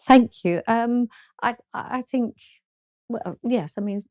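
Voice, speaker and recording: A woman from southern England with a southern English accent, a guest author in an interview, speaking hesitantly with many pauses and restarts. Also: a little high, darkish tone, no echo, studio quality. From southern England, London. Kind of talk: casual interview chat.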